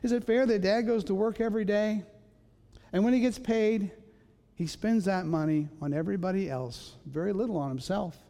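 A man's voice: sits high, normal speed, warm tone. A man preaching a sermon in a church, telling stories and acting out voices with self-mocking humor. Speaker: pastor. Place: church sanctuary. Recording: long reverb of a large hall.

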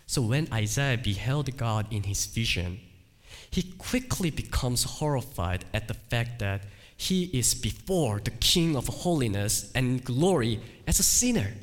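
A man preaching a sermon slowly and deliberately, his fairly high voice swinging widely in pitch. He stresses key phrases, then drops low and quiet. The sound carries a long hall reverb. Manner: emphatic, deliberate preaching with dramatic dips and swells. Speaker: pastor.

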